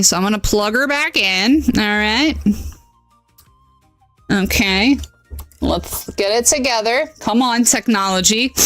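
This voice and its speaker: A woman's voice: on the high side, fairly bright tone, no room sound. A nasal-voiced woman casually chatting with her viewers while she streams a game, self-deprecating and exasperated by technical trouble. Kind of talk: casual live-stream chat while gaming.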